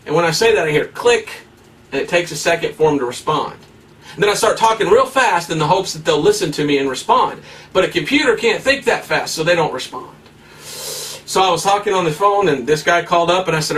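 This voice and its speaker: Fiery high-voiced male preacher. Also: expressive, a little fast, fairly bright tone, far from the mic. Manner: fiery, emphatic preaching with rhetorical questions. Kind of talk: sermon.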